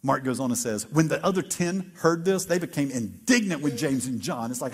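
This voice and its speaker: A man preaching a conversational sermon as pastor, acting out biblical dialogue with lively asides. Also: mid-range voice, brisk, few pauses, husky.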